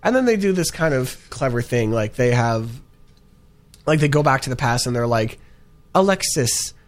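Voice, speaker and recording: A man's voice: mid-range voice, expressive, moderate pace. A young man chatting casually about ads he has seen, rambling with plenty of fillers and restarts. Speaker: co-host reviewing ads. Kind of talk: casual chat.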